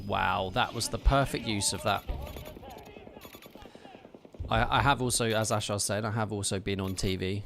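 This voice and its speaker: This man's voice is on the low side with fairly even intonation, vocal fry, and a fairly bright tone, and he pauses often at a normal speed. He's a game streamer using a streaming microphone with a little hiss or hum, chatting loosely during live gameplay, teasing and thanking his viewers.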